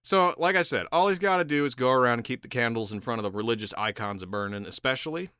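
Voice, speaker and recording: A man's voice: medium pitch, fast talker, bright, forceful tone, smooth, dry recording, studio quality. A man co-hosting a casual podcast, telling history with swearing, laughter and mocking put-on voices. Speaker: podcast co-host. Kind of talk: casual history chat while drinking.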